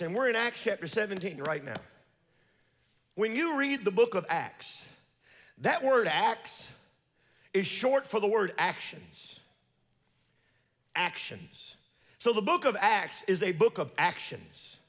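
A man preaching a fiery sermon in a large church, building up to shouts. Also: high voice, sing-song, slow pace, pauses often, long reverb tail. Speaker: pastor.

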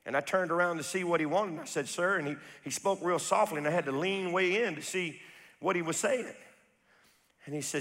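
A man preaching in a church, his voice high-pitched and bright. He tells stories quietly and confidingly, then builds to fervent, shouted climaxes. A long hall reverb trails every phrase. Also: brisk. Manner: storytelling preacher who builds to impassioned shouting peaks. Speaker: pastor. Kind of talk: sermon. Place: church sanctuary.

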